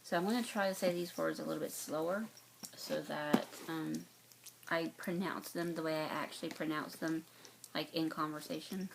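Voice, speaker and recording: Low gravelly-voiced Southern woman vlogger. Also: fairly even intonation, moderate pace, heavy background noise. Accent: light North Carolina Southern. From North Carolina, US Southeast. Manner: rambling, many fillers and restarts. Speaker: cross-stitch vlogger. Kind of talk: casual chat to camera.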